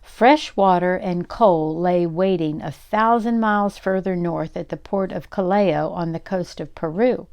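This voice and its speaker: Older woman, read-aloud storyteller, low-pitched and slow. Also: darkish tone. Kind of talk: reading a children's novel aloud.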